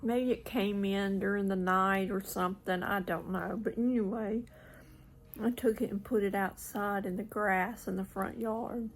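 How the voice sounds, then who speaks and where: Slow, gravelly woman vlogging. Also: mid-range voice, steady tone, rough recording. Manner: rambling, trails off, drops into whispered asides. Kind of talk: casual chat to camera. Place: at home in front of a mirror.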